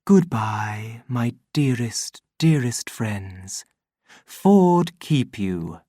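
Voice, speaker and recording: A man voicing a recorded crowd-control voice that speaks softly with gentle sorrow. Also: medium pitch, expressive, takes it slowly, no echo, studio quality. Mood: tender. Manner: soft, tender, pleading.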